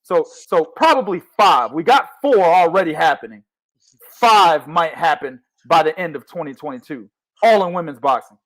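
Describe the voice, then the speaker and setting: A young man hosting a boxing chat with a high voice that leaps all over the place. His talk is loud, slangy and full of swearing, swinging from low mutters to full shouts. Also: animated, moderate pace. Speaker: host of a boxing talk show. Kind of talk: casual boxing chat with heavy profanity.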